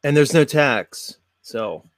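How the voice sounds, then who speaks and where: A man's voice: medium pitch, expressive, slow, dry recording, studio quality. An American man from South Jersey hosting a casual chat show, rambling and full of fillers. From South Jersey, USA. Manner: rambling, filler-heavy, chatty. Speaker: podcast host.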